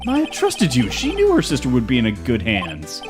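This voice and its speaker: A woman's voice: rumbling low, wildly swooping pitch, moderate pace, full character voice. A woman voicing an earnest but sarcastic young male defense lawyer in a playful game voice-over. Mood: snarky. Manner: dry, sarcastic asides. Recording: stream audio over loud game music.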